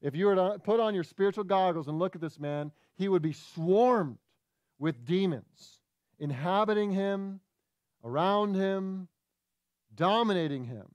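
A man delivers a sermon with lively, conversational energy, breaking off into quick asides and restarting his thoughts. His voice sits a little on the high side. The sound is close and dry, with no room around it. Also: no echo. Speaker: pastor.

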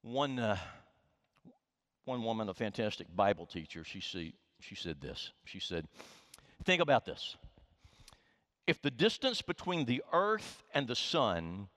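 A man's voice: lowish voice, measured pace, pauses often. Guy preaching in a church, lots of ups and downs in his voice, echoey long reverb. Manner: animated preaching, repeats words, drops to hushed tones. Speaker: pastor. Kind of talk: sermon.

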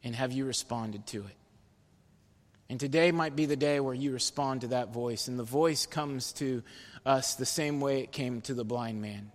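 A male pastor delivers an earnest sermon, pushing some phrases loud and dropping others to a soft, low appeal. His medium voice rings out with a long reverb tail in a church sanctuary. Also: moderate pace.

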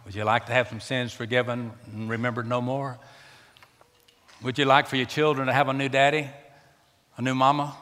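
A man's voice: mid-range voice, flat delivery, normal speed, long pauses, fairly bright tone. A man preaching a sermon as pastor in a church, emphatic and repeating words for stress. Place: church sanctuary. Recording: long reverb of a large church.

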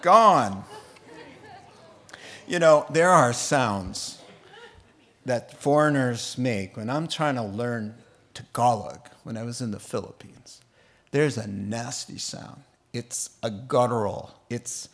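A middle-aged man preaching a sermon, animated and often laughing as he mimics accents to make his point. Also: mid-range voice, measured pace. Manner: animated, laughing, putting on funny accents for examples. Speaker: pastor.

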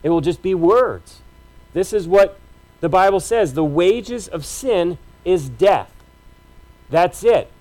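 A man with a notably high voice for a male speaker delivers a sermon from the pulpit. He talks to the congregation in a conversational, emphatic way, piling up short repeated phrases. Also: lively intonation, slow pace, dark tone, poor audio. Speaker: pastor.

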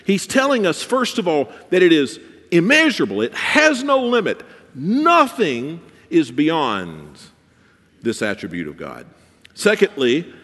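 Male pastor preaching, high voice, long church reverb. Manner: preaching with swings between soft and emphatic. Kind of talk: sermon.

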